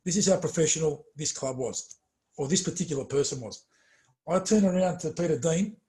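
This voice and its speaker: A middle-aged man chats casually in an interview. His voice sits a bit high and he tells stories with animated stress and plenty of fillers, often trailing off quietly. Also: brisk. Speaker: former footballer, interview guest.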